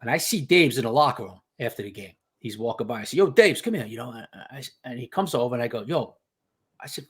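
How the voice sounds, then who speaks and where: A man's voice: mid-range voice, very animated, fast, slightly rough. A man, a guest insider on a sports podcast, talking emphatically and telling stories with lots of "you know" and "okay". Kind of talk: casual sports podcast chat.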